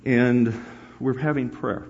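A man's voice: medium pitch, takes it slowly, a little hiss or hum. A middle-aged man preaching to a live audience, telling a story with bursts of laughter and acted voices. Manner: animated storyteller, breaks into laughter and acts out voices. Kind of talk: storytelling sermon. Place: church hall before a live audience. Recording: dull lo-fi live recording.

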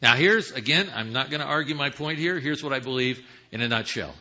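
A man preaching a sermon, teaching Bible passages with rhetorical questions, swinging from hushed asides to emphatic calls. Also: medium pitch, a little fast. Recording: dull lo-fi sound.

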